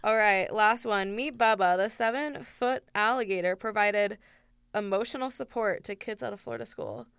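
A woman's voice: mid-range voice, moderate pace, a bit bright, clear, resonant tone, dry recording, clean studio sound. A woman hosting a podcast, chatting casually in a blunt, joking way with casual swearing. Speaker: podcast host. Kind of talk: casual chat.

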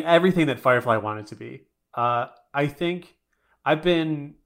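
A man's voice: mid-range voice, a bit bright. A man co-hosting a casual podcast chat, blunt, profane and opinionated. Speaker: podcast co-host.

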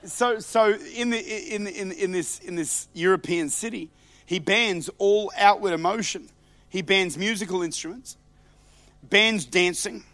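A male preacher delivering a sermon in a high, bright, forceful voice. He jumps from hushed asides up to fervent shouts and often stumbles into repeated words. The sound is close and dry. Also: unhurried, dry recording. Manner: passionate, swings between loud shouts and quiet asides, repeats words.

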